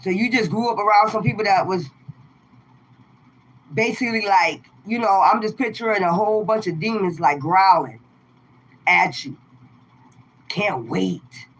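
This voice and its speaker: A woman tarot reader telling viewers a personal story in a casual, emphatic, animated way. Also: medium pitch, normal speed, poor audio.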